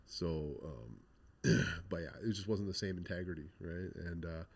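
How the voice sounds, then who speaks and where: In a deep, breathy voice at a measured pace, a guest graffiti artist recounts his life story during an interview. He's blunt and profane, acting out old conversations with animated quoted dialogue.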